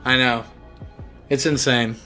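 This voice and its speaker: Bright-voiced blunt podcast co-host man. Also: mid-range voice, fairly even intonation, slow, soft background music. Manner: blunt, laughing, agreeable. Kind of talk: casual movie podcast chat.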